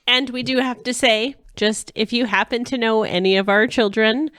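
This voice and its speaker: A woman in her thirties co-hosting a casual podcast, bubbly and quick to laugh. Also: on the high side, fairly even intonation, fairly bright tone, clean tone, no echo, studio quality. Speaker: podcast co-host. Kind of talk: casual chat.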